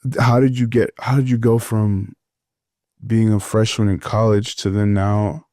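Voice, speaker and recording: A man's voice: lowish voice, little pitch movement, a little slow, mellow, dry recording, clean studio sound. A man hosting an interview, giving brief affirmations and curious follow-up questions. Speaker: podcast host.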